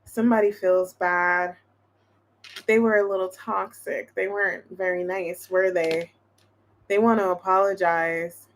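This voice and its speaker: A woman's voice: fairly low pitch, steady tone, a little slow. A woman giving a casual tarot reading to her viewers, thinking aloud in a chatty way with lots of restarts. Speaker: tarot reader.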